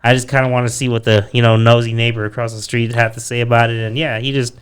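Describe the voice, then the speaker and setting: A young man on a casual podcast, telling a story in an animated, profane way and acting out what people said. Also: mid-range voice, fast talker, clear, resonant tone.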